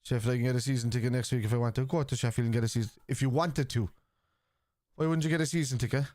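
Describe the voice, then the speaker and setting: An Irish man hosting a live football watchalong, bluntly arguing with his chat, swearing freely and shouting at chances. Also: medium pitch, fairly even intonation, very fast, no echo, studio quality. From Ireland.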